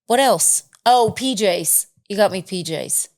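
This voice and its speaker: A woman's voice: mid-range voice, lively intonation, measured pace, a little mellow. Chatty Southern woman co-hosting a podcast. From Southern United States. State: tired from little sleep. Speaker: podcast co-host. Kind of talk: casual chat.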